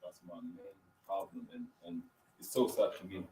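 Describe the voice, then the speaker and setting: A man who speaks English as a second language, sharing personal stories earnestly in halting phrases. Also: sits low, very animated, gravelly, mellow, distant mic. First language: not English. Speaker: participant. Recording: roomy, off-mic, faint background noise.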